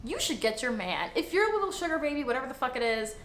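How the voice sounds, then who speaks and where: A woman's voice: high-pitched, sing-song, fast talker, fairly bright tone. A woman in her twenties telling a dramatic story in a chatty way, swearing freely. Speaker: storyteller in a clip. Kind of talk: casual storytelling. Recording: echoey room, faint noise.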